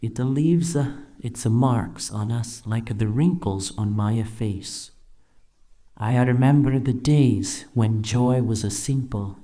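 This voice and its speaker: A man's voice: mid-range voice, slow pace, warm tone, natural voice. An AI man's voice playing a wistful old Italian game character with an Italian accent, in a sing-song delivery that swoops up and down.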